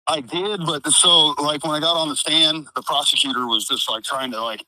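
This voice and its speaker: A man's voice: on the high side, fairly even intonation, normal speed, hardly any pauses, bright, forceful tone, no echo, low-quality recording. A man with a Midwestern American accent telling a story in an interview, rambling with lots of fillers, swearing freely and acting out what people said. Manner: profane, rambling, uses many fillers; acts out quoted dialogue. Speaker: interviewee, trial witness.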